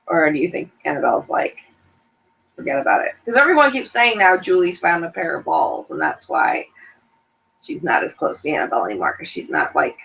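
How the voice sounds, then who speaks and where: A woman's voice: on the low side, brisk, gravelly. A middle-aged woman co-hosting a casual chat show, talking in a chatty way and laughing often. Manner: animated, chatty, laughs a lot, puts on voices to quote people. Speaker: co-host, mother. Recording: dull lo-fi recording.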